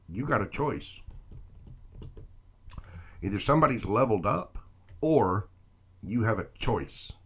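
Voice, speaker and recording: Male live-stream tarot reader, lowish voice, animated delivery, chatty with his viewers. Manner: chatty, greets viewers by name, playful.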